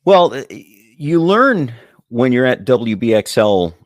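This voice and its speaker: A man who works as a radio broadcaster, answering interview questions in a measured, clearly enunciated way. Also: medium pitch, big pitch swings, dry recording, clean studio sound. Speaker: radio broadcaster and voice-over guest.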